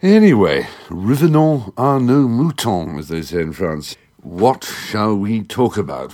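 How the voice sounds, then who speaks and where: Deep-voiced English man, wry podcast monologue. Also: sing-song, measured pace, hardly any pauses, darkish tone. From England. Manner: wry, theatrical, erudite. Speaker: podcast host. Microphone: studio microphone.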